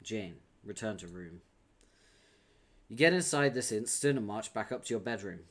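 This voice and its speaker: A man streaming at his desk mic, reading a webcomic aloud and breaking off to chat with his viewers. His talk is loose and casual, full of quick laughs and offhand swearing. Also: fairly low pitch, expressive, a bit bright. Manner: laughs often, swears casually, chatty asides.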